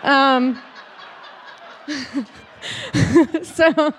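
A woman with a high voice tells a frank personal story. She is chatty and giggly, with plenty of fillers. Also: drawn-out words.

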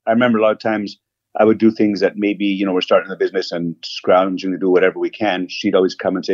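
A man's voice: deep voice, fast talker, dry recording, muffled recording. A man, a restaurant owner, telling rambling stories with lots of asides as a guest in a casual interview. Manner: rambling, animated storyteller, many asides.

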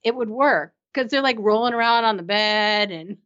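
A woman's voice: mid-range voice, normal speed, a bit bright. A woman with a midrange voice chats enthusiastically, gushing and laughing often as she talks. Her sound is slightly dull and lo-fi. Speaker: podcast co-host. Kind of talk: casual recap chat.

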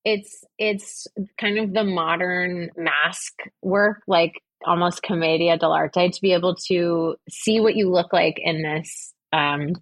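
A woman's voice: fairly low pitch, steady tone, slow, few pauses, no room sound. A woman chatting as a podcast guest, enthusiastic and articulate, gushing about work she admires. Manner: enthusiastic, effusive. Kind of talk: casual interview chat.

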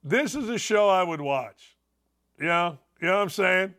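A man hosting a sports talk show, fired up and enthusiastic, talking loudly and making sarcastic asides. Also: high-pitched, lively intonation, moderate pace. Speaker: show host.

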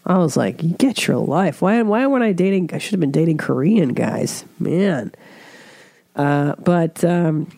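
Woman podcast host with a cold: stuffy, chatty, loose-mouthed, with a dark, dry tone. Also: low voice, animated, unhurried, creaky, no room sound. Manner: chatty, swears freely, puts on voices when quoting others. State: congested from a cold. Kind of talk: casual chat.

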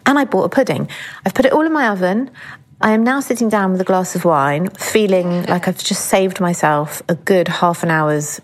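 A woman's voice: on the low side, moderate pace. A middle-aged woman co-hosting a podcast, telling stories in casual chat, candid and swearing freely. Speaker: podcast co-host.

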